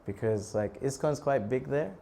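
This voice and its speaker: A man in his thirties, a monk preacher telling a lively story in a temple talk, laughing often and breaking into shouted prayers. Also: medium pitch, moderate pace, gravelly, a little hiss or hum.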